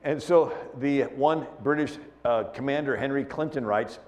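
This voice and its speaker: A man giving a history talk as a guest speaker, telling the events as a lively story with spoken sound effects and frequent "and, uh" fillers. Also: mid-range voice, normal speed, few pauses.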